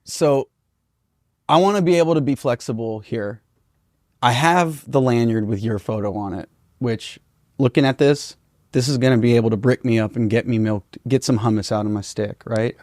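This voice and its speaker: A man playing a strange, demanding clinic patient in an improv comedy sketch, talking in a deadpan, hesitant ramble. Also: mid-range voice, normal speed, dry recording, studio quality, lightly acted.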